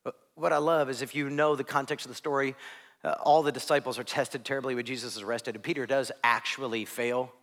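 A man preaching a sermon as a pastor, telling stories animatedly and swinging between hushed near-whispers and loud, excited lines. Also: mid-range voice, fast talker. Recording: long hall reverb.

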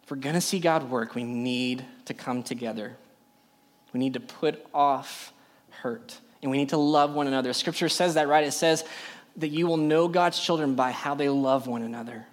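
A man's voice: medium pitch, moderate pace. A young adult man preaching a sermon to a youth group, emphatic and full of rhetorical questions. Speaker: youth pastor.

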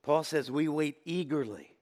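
Male pastor preaching, somewhat high voice, passionate delivery that rises loud and drops to a hush. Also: normal speed. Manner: impassioned preaching with wide swings between loud high peaks and low quiet passages. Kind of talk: sermon.

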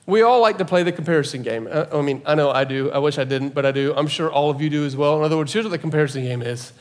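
A man preaching a sermon, talking casually with jokes to the congregation and building to loud emphatic peaks. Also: on the high side, rapid-fire. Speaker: pastor.

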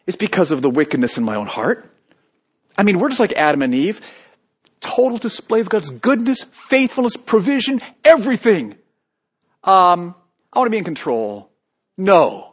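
A man preaching a sermon, moving between hushed, quiet passages and loud, emphatic calls to the congregation. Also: high voice. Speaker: pastor.

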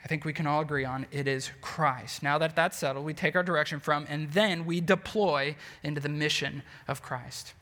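A man's voice: fairly high pitch, steady tone, normal speed, few pauses, pushed and bright, in a large hall. A man preaching a sermon with earnest emphasis, frequent rhetorical questions and filler words. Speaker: pastor.

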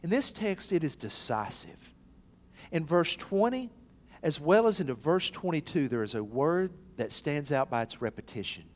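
A man's voice: a little high, big pitch swings, moderate pace. A man preaching an emphatic sermon in a church, bringing quoted voices to life. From East Tennessee. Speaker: pastor. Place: church sanctuary. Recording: long hall reverb.

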